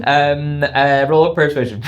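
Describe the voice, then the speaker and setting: A man running a tabletop game as game master, talking casually and hesitantly, with frequent ums and laughs. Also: on the high side. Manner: hesitant, lots of ums and restarts, laughs often.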